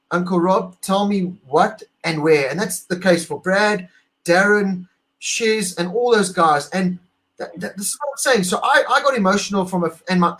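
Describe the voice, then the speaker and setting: A middle-aged man from South Africa, co-hosting a casual chat and talking in an emotional, animated, gushing way. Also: high voice, low-quality recording. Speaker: podcast co-host.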